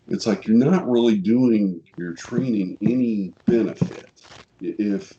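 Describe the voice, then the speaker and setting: Missouri guy on a podcast, low mellow voice, kinda dull lo-fi sound, blunt and gets fired up. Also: unhurried, slight background noise. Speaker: podcast co-host. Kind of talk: casual podcast chat.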